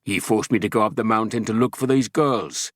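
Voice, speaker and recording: A man's voice: fairly low pitch, a little fast, no echo, studio quality, natural voice. A man voicing a big, cunning male mountain trapper who grunts and snarls with menace. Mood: gruff menace.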